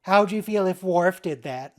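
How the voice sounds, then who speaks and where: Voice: mid-range voice, normal speed. Sarcastic quipper on voice chat. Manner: sarcastic quips. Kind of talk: casual chat over a video call. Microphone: online voice chat.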